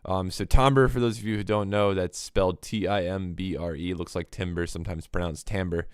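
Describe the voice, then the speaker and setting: Low-voiced man teaching music on livestream. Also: steady tone, a little fast, clean tone, dry recording, studio quality. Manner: explanatory, mimics hi-hat rhythms with clipped mouth sounds. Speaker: livestream host. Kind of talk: casual livestream music lesson.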